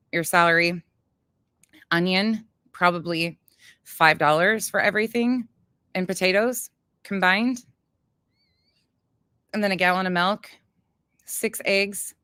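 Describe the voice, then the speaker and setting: A woman with a fairly low, pushed, bright voice hosts a casual cooking livestream, recorded at studio quality with no room sound. She chats with viewers bluntly, swears freely, and laughs often.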